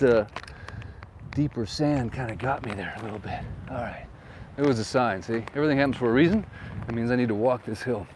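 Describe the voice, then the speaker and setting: A chatty male real estate agent gives an upbeat, joking tour with rambling asides while riding through a town street. His medium-pitched voice is gravelly with a darkish tone, captured by a windsock mic that muffles the wind, with faint wind and street traffic audible.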